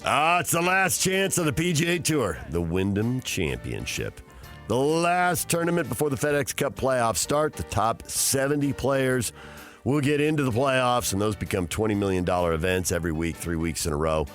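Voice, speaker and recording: A man hosting a sports radio show, measured and informative. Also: mid-range voice, big pitch swings, fairly bright tone, soft background music. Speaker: radio host.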